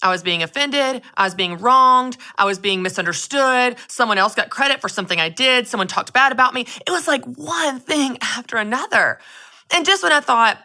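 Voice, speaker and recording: A woman hosting her own show, giving a lively, expressive faith-based talk straight to her listeners. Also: a little high, normal speed. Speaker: podcast host. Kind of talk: casual faith-based monologue.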